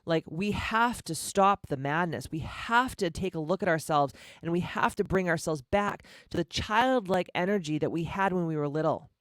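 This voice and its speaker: A woman's voice: fairly low pitch, moderate pace, hardly any pauses, no echo, studio quality. A woman in her forties hosting her own podcast, speaking candidly and emphatically, swearing freely. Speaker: podcast host. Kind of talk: candid personal podcast monologue.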